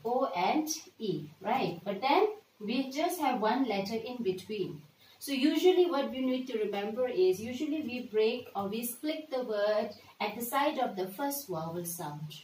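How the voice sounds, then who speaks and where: A woman's voice: on the high side, a little mellow, echoey room, far from the mic, slight background noise, poor audio. A woman teaching a lesson, patient and repeating words, often checking with "right?". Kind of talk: classroom lesson for children.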